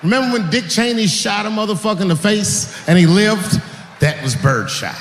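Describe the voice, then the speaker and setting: A man working a stand-up set, his pitch swinging wildly as he acts out stories with profane asides and shouted sound effects. His voice sits a bit high for a man and rings through a large hall with a long reverb tail and faint background noise. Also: normal speed. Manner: profane, animated, full of acted-out sound effects. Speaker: stand-up comedian. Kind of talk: stand-up comedy storytelling.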